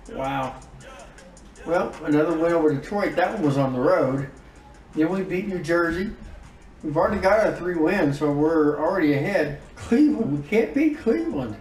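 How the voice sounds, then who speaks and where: A man giving casual commentary on his own game season, reacting out loud to each win and loss. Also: a little high, animated, moderate pace, roomy sound, distant mic, soft background music, rough recording. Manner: emotive, groans and exclaims over results. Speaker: gaming YouTuber.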